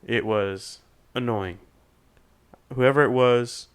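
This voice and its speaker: A young man telling a long, animated story in casual podcast chat, swearing freely and acting out other people's voices. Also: lowish voice, moderate pace, clean tone. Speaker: podcast guest.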